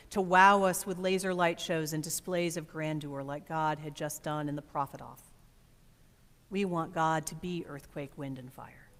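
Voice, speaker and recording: A woman pastor delivers a thoughtful, expressive sermon, pausing for weight. Her voice sits on the low side. It rings out with the long reverb of a church sanctuary. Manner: reflective, expressive preaching with dramatic pauses.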